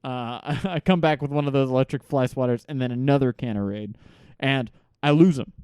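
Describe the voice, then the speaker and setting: A man's voice: mid-range voice, brisk, a little mellow, smooth, no echo, studio quality. A young man co-hosting a casual movie podcast, telling stories animatedly and laughing often. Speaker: podcast co-host. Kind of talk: casual chat.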